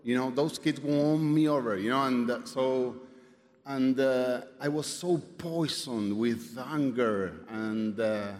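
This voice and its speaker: A man sharing his personal story at a recovery meeting, halting, with many fillers, restarts and swearing, and some wry humor. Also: medium pitch, steady tone, darkish tone. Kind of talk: personal testimony. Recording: reverberant hall, faint background noise.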